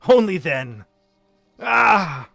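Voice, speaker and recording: A man's voice: high-pitched, very animated, very slow, creaky, no echo, soft background music, pitched above the performer's own voice, heavily acted. A man playing a raving mad young count. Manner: raving, shouting, manic. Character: mad young male count obsessed with heartbeats and worms.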